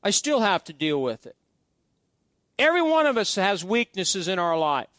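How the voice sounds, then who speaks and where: Folksy high-voiced male pastor. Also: sing-song, moderate pace, fairly bright tone, no echo. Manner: folksy storytelling with many restarts. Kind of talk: sermon.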